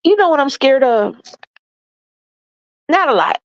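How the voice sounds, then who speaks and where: A woman's voice: sits high, very animated, measured pace, no room sound, muffled recording. A congested woman giving relationship advice in a folksy, preachy monologue, calling her listeners y'all and baby.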